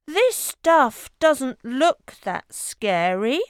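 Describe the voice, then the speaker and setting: A woman voicing an excitable, nervous young boy cat in a storybook read-aloud. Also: sits high, drawn-out words, smooth, no echo, clean studio sound, pitched above the performer's own voice, full character voice. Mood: worried.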